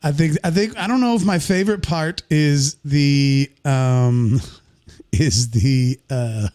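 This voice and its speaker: A man co-hosts a livestreamed podcast and chats casually. His voice sits slightly high, and he keeps up a joking, teasing banter with his co-host. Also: slow, darkish tone.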